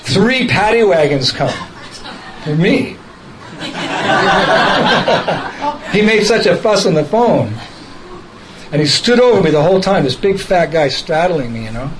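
A man telling a personal story in a casual, lively way, laughing as he goes and acting out other people's voices. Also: high voice, slow pace, pauses often, slight background noise, low-quality recording. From United States.

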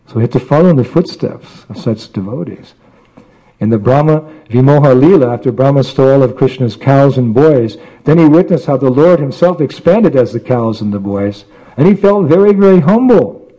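A man preaching a storytelling sermon, lively as he tells a tale and does voices for its characters. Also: medium pitch, normal speed, poor audio.

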